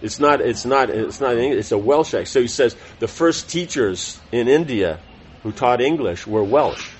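A middle-aged man teaching a scripture class, reading a text aloud in a measured, deliberate way with small self-corrections and chatty asides. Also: medium pitch, animated, slight background noise, low-quality recording.

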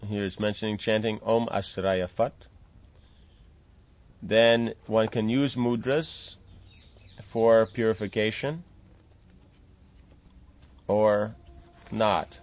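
A man's voice: lowish voice, fairly even intonation, extremely slow, long pauses, highs cut off. A man teaching the steps of a temple worship ritual, explaining patiently and often checking with "right?". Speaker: religious teacher. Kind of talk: instructional talk on temple worship.

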